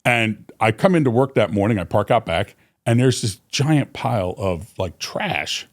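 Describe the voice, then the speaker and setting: A man's voice: fairly low pitch, normal speed. A man in his fifties, a company vice president, casually telling stories on a podcast with many fillers and restarts. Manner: rambling, many fillers and restarts, animated when quoting. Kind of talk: casual storytelling in a podcast interview.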